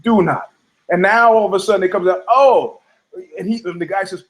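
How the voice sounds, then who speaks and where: Male host from New York, high voice, profane and heated, rambling monologue. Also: brisk, poor audio. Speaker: podcast host. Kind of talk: ranting monologue.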